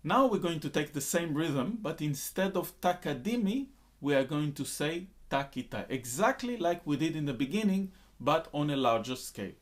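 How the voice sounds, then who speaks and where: A man's voice: a little high, expressive, moderate pace, few pauses. Man teaching rhythm, counting syllables aloud. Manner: counts in and recites konnakol syllables loudly in time. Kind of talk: instructional lesson with spoken rhythm syllables.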